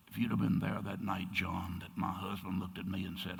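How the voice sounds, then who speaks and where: An older man preaching a sermon as pastor, turning dramatic and dropping to hushed whispers for emphasis. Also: low-pitched, flat delivery, fairly quick, creaky, hardly any pauses, breathy edge. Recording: long reverb in a church sanctuary.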